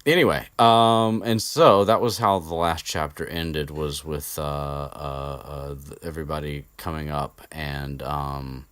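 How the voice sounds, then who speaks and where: Low-voiced guy rambling thru a chapter recap, lots of ums and restarts, swears here and there, dry room sound. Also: fairly even intonation, a little slow, hardly any pauses, a bit bright, clear, resonant tone, no echo. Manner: rambling, many fillers and restarts, swears casually. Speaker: podcast host recapping a book chapter. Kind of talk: casual unscripted chat. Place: indoor room with an air conditioner.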